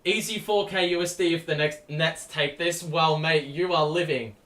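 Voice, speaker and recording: A young Australian man giving excitable, foul-mouthed fan play-by-play on a live stream, yelling at big plays. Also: a little high, normal speed. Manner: excitable, swears casually, yells at big plays. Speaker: streamer hosting a game watchalong. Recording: echoey room.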